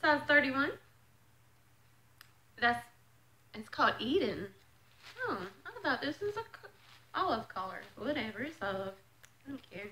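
A woman vlogging as she unboxes a clothing subscription box, chatting casually and gushing with excitement. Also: high-pitched, a little slow, pauses often, slight background noise, low-quality recording.

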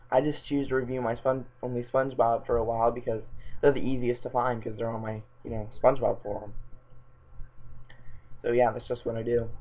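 A man hosting a fanfiction review show. He reads stories aloud, stumbles over misspelled words and adds sarcastic asides. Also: medium pitch. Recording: tinny lo-fi home recording.

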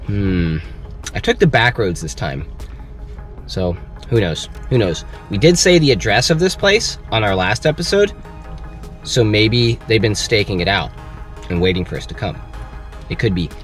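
A man's voice: fairly low pitch, big pitch swings, moderate pace, fairly bright tone. A man in his thirties, a father hosting a family adventure vlog, talking playfully and explaining things to his kids. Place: outdoors then inside a shop. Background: music.

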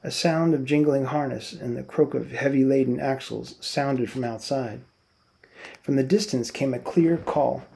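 Gravelly, mellow man reading a novel aloud. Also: mid-range voice, measured pace. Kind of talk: read-aloud narration.

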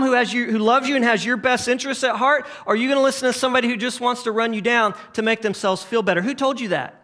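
A man preaching a sermon, swinging from emphatic questions to hushed near-whispers. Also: very high-pitched, fairly even intonation, fast talker, few pauses. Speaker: pastor.

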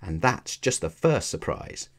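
A man's voice: sits low, sing-song, unhurried, full character voice. A man reading aloud, voicing a friendly, encouraging schoolgirl. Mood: cheerful.

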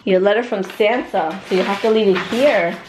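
A young adult woman chatting casually for a family vlog, animated and giggly, slipping Spanish words into her talk. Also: medium pitch, moderate pace. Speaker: vlogger. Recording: noisy handheld camera audio.

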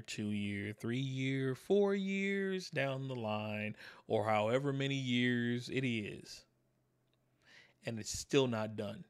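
A man of medium pitch gives a motivational talk to his viewers. He talks in a preachy, probing way, pressing them with rhetorical questions and repeating the words he wants to land. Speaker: motivational video host.

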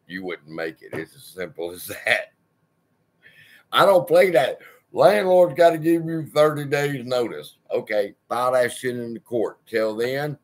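A man hosting his own channel, delivering a heated personal rant full of swearing. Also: mid-range voice. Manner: profane, heated ranting. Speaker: channel host.

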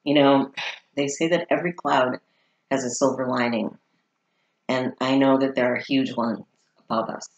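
A parent reading a prepared congratulation letter aloud in a heartfelt, measured way. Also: medium pitch, steady tone, muffled recording. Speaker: parent sending a congratulation message.

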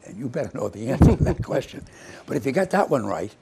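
Gravelly older man hosting. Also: medium pitch, big pitch swings, fast talker, very noisy. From Massachusetts, US. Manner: rambling storyteller, many restarts. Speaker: TV show host. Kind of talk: casual interview chat. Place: local cable TV studio.

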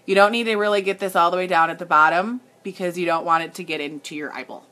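A fast-talking makeup livestream host with a fairly low pitch and a bright, forceful tone chats casually with her viewers during a live tutorial. She's giggly, laughs often, and addresses the audience head-on, clearly easily amused.

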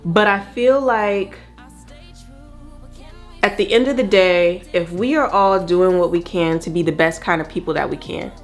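At home doing her makeup, a woman vlogger chats casually with her viewers in a get-ready-with-me session, rambling and speaking to them directly. Her voice is on the low side and unhurried. Faint music plays behind her.

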